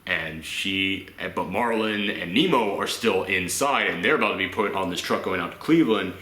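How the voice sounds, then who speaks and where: A man hosting a casual movie reaction chat, rambling and animated, acting out lines in silly voices. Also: low-pitched, normal speed, echoey room.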